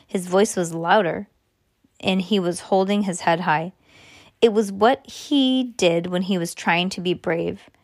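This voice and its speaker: A woman reading a first-person children's story aloud in a steady, earnest way. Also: fairly low pitch, measured pace, no room sound, studio quality. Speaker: audiobook narrator.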